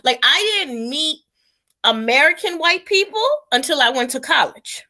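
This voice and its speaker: A young woman from New York talks as a guest over a video call. Her voice is high and bright, and she thinks aloud in a reflective, searching way. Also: animated, moderate pace. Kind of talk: casual conversation.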